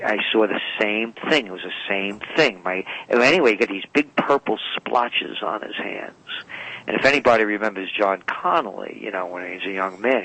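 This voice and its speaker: Bright-voiced man telling rambling stories. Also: fairly low pitch, poor audio. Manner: rambling, self-correcting anecdotes. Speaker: guest. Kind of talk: storytelling interview talk. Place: radio call-in or studio.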